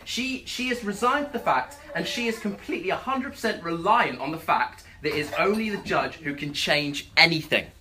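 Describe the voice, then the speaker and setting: A preacher giving an animated sermon, retelling a story with many stammered restarts and acting out the voices of its characters. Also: mid-range voice.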